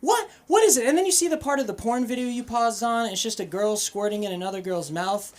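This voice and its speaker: A young man from Boston doing an open-mic stand-up set, animated and profane, swinging between loud punchlines and muttered asides. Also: high voice, fast talker. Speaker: stand-up comedian. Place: comedy club stage.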